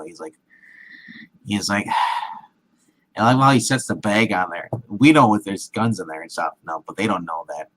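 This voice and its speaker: A man's voice: low-pitched, expressive, moderate pace, long pauses, a bit bright, breathy edge, low-quality recording. A man casually retelling a film scene with many restarts and acted-out quotes, as a movie show co-host. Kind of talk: casual movie recap chat.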